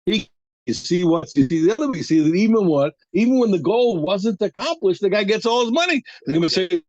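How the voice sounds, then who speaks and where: A man teaching a daf yomi Talmud class, acting out both sides of the argument with halting restarts. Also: high-pitched, expressive, darkish tone, dry recording, rough recording.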